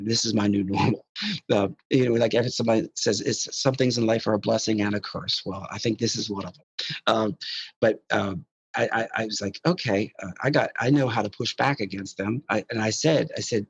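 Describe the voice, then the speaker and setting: A man's voice: on the low side, breathy edge, no echo, muffled recording. A man telling his experiences in a casual interview, rambling with many restarts and repeated words. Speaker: guest describing contact experiences.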